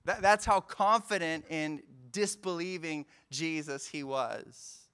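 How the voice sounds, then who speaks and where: A male pastor delivers a sermon in an easygoing, chatty manner. His voice is smooth and clear, set a touch higher than most men's. He acts out quoted lines with lively energy. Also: slow. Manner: conversational, animated retelling with acted-out quotes.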